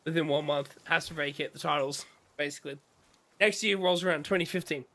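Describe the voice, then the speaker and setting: A man's voice: a little high, fairly quick. A man on a casual game stream, ranting passionately and playing out other people's reactions. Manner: impassioned wrestling rant with excited mimicry. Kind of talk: casual gaming stream chat.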